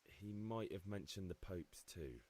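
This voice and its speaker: An actor voicing an earnest young villager in a video game. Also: male voice, low voice, lively intonation, a little slow, mellow, husky, heavily acted. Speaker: game character.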